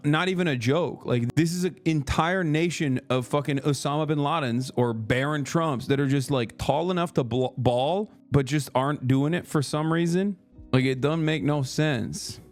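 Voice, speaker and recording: A man livestreaming in casual chat, telling stories in a profane, animated way with lots of fillers. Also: fairly high pitch, normal speed, faint music behind.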